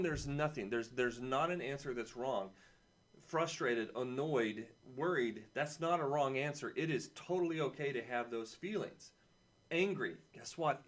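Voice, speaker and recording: A man teaching a weekly video lesson to children, chatting and encouraging, repeating key phrases and adding playful asides. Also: medium pitch. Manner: playful asides and personal stories. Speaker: camp teacher.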